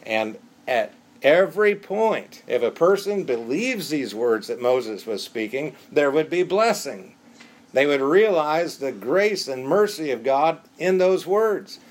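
A man's voice: mid-range voice, expressive, measured pace. A man preaching a sermon as pastor, with an earnest, pleading emphasis and strings of rhetorical questions.

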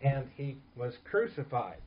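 A man preaching a sermon in an earnest, emphatic way, dropping to soft asides. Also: mid-range voice, sing-song, unhurried, lo-fi sound, slight background noise. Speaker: pastor.

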